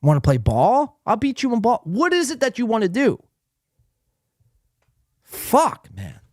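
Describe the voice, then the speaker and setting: A man hosts a live podcast, firing profane, taunting insults at a viewer as he reads the chat aloud. His pitch swings widely between mocking highs and low growls. The sound is dry and close, with no room around it. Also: huge pitch swings, unhurried, no room sound. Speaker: podcast host. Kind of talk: live stream rant reading chat.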